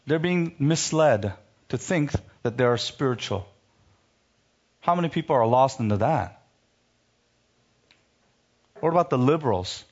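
Preaching from scripture, this man jumps sharply upward in pitch to rebuke, then sinks low to drive his point home. The recording has its highs cut off.

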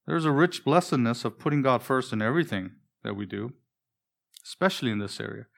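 A male pastor delivering a sermon with earnest conviction. He slows down and stretches important phrases for weight and keeps turning to his listeners with pointed questions. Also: mid-range voice, lively intonation, gravelly, a bit bright. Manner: earnest, preacherly, with drawn-out emphatic phrases; asks the congregation direct questions.

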